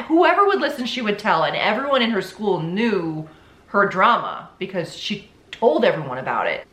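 In a roomy, echoing recording, a young woman podcast host chats her way through a true-crime story with lots of "like" and sarcastic asides. Her voice is medium-pitched and a bit bright.

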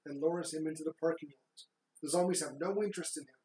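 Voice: medium pitch, fast talker, dark tone. A co-host plainly summarizing a movie plot in casual chat, with fillers and restarts. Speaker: podcast co-host. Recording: roomy echo.

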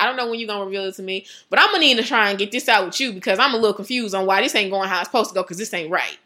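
A woman giving a casual devotional talk, chatty and animated, laughing often and saying "like" a lot. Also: mid-range voice, very fast, few pauses. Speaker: devotional speaker.

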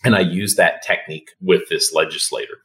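Guy, super deep voice, calm and soothing, chatting on a podcast as a guest. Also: a little fast. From Canada. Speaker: dentist guest. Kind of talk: casual podcast conversation.

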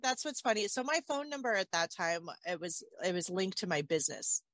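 A woman's voice: mid-range voice, a little fast, dry recording. A woman candidly retelling a painful personal story on a talk show, acting out what others said. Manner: emotional, animated retelling with quoted dialogue. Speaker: guest telling her story.

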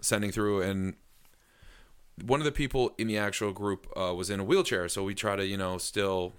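A man's voice: on the low side, steady tone, moderate pace, clear, resonant tone. A married man in casual chat, telling stories in an easygoing, slightly sheepish way. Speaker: haunted attraction actor.

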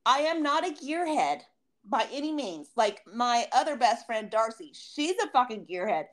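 Brief: high-voiced woman, very animated, fired-up swearing rant, casual podcast host. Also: moderate pace. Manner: profane, heated ranting with acted-out quotes. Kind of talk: casual chat.

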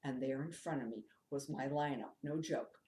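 A woman's voice: extremely low pitch, normal speed, mellow, roomy sound, a little hiss or hum, poor audio. A middle-aged woman telling her personal story openly and emphatically as an interview guest, with fillers and laughs. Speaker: interview guest, drumming teacher and author.

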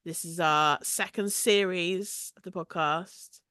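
Bright-voiced woman podcast co-host. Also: lowish voice, steady tone, slow pace, clear, resonant tone. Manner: chatty, with fillers and laughs. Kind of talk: casual podcast chat.

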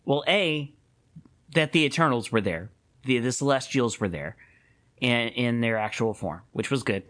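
In a relaxed podcast conversation, this male co-host speaks at a medium pitch, laughs easily, and keeps restarting his sentences with lively energy.

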